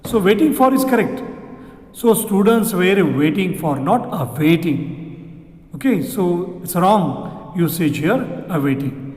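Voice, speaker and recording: Indian English teacher, male, high voice, patient and repetitive, recorded in a reverberant room. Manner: explains slowly, repeats sentences, asks rhetorical questions. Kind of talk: exam question walkthrough. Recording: echoey room with long reverb.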